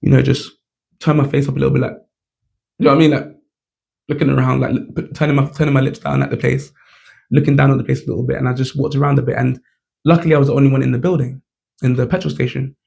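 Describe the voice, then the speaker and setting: A man in his twenties speaks to camera in a relaxed vlog. He tells a story in a chatty, animated way, with lots of "like" and "you know". His mid-pitched voice carries a gravelly fry. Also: quick pace. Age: 20s. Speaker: vlogger.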